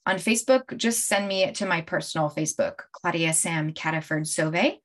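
A middle-aged woman speaks casually to her livestream viewers as a coach. She is animated and chatty and breaks into laughter often as she tells her stories. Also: fairly low pitch, moderate pace. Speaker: life coach hosting a livestream. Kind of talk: casual live-stream talk to viewers.

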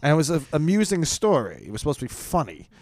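A man in his middle pitch range tells stories on a podcast, his voice swinging up and down a lot. He mimics the people he describes. The sound is close and dry. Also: wildly swooping pitch, fast, a little mellow, no room sound. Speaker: podcast co-host, comedian. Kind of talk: casual storytelling chat.

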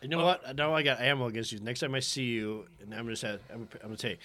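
A man's voice: medium pitch, fast, bright, forceful tone. A man hosting a podcast in casual, teasing chat with his guest. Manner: teasing, jokey. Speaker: podcast host.

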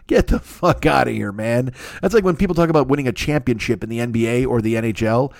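A man's voice: medium pitch, fast talker, creaky, dry recording, studio quality. A man hosting a podcast who delivers a profane, mocking comedic rant about the sponsors and slang. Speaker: podcast host.

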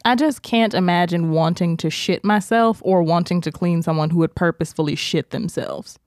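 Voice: medium pitch, normal speed, no echo, clean studio sound. A podcast co-host in casual chat, teasing the others and acting out quotes with laughter.

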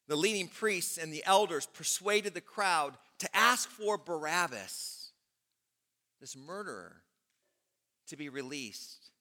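A male pastor preaching a sermon in a church, retelling scripture dramatically with loud peaks and hushed drops. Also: sits high.

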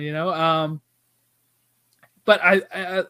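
Brief: man, high voice, casual film chat, animated, does the character lines. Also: slow, smooth. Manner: animated, acts out quoted dialogue. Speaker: podcast co-host. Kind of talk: casual movie discussion.

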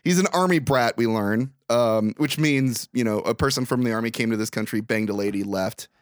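A man's voice: mid-range voice, brisk, no echo, studio quality. A man co-hosting a podcast, casually recapping a movie, rambling and laughing often. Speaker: podcast co-host.

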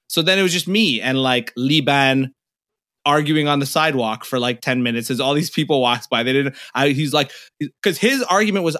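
A man's voice: a little high, fairly quick, fairly bright tone. A young man co-hosting a casual podcast, telling stories animatedly, acting out arguments and swearing freely. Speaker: podcast co-host.

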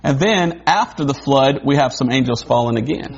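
A man preaching a sermon in a conversational way, wondering aloud and adding quick asides. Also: medium pitch, animated, gravelly, husky. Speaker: pastor. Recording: dull lo-fi recording.

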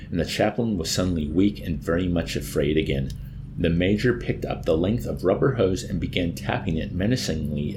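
A man narrating an audiobook with an expressive, dramatic reading. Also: low voice, vocal fry, background noise.

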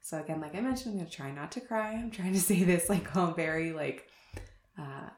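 A woman's voice: fairly low pitch, fairly quick, a little mellow, echoey room. A young woman telling her birth story in a casual chat, talking in a rambling way with many fillers and frequent laughter. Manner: chatty, lots of fillers, laughs often. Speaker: podcast co-host sharing her birth story.

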